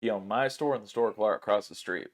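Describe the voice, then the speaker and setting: A man's voice: fairly low pitch, fast talker. A man hosting a casual podcast chat, telling stories with lots of swearing and acting out the people he quotes. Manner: animated, swears freely, acts out quoted people. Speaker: podcast host.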